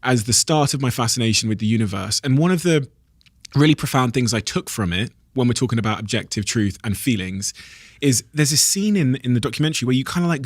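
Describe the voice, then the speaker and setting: Earnest British podcast host, dry sound. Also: male voice, mid-range voice, a little fast, no room sound. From United Kingdom. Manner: earnest, enthusiastic, with frequent restarts. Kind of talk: podcast interview and sponsor reads.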